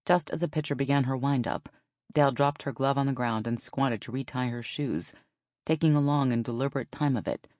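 A woman narrating a novel in an even storytelling manner. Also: rumbling low, brisk, dry recording, clean studio sound. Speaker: audiobook narrator. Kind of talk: scripted narration.

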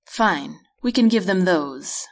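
A woman reading the lines of a calm, protective young man in an audiobook, her voice slightly husky. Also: fairly low pitch, slow pace, full character voice. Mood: steady. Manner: steady, reassuring lines.

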